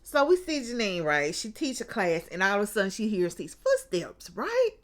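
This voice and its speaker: At a moderate pace, a woman with a mid-range voice chats casually through a TV episode recap. Her talk is colloquial and animated, full of laughter and drawn-out exclamations, and she calls her listeners "baby" and "child."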